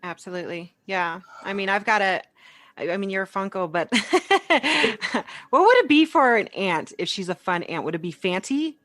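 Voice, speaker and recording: A woman guest on a podcast interview, telling stories in a relaxed, conversational way and laughing easily. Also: medium pitch, moderate pace. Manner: warm storytelling, laughs easily. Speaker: podcast guest, entrepreneur and speaker.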